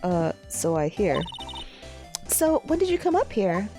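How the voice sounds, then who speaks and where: A woman voicing an earnest young male defense lawyer who stammers, in a lower voice. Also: big pitch swings, unhurried, over music. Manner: hesitant, stammering.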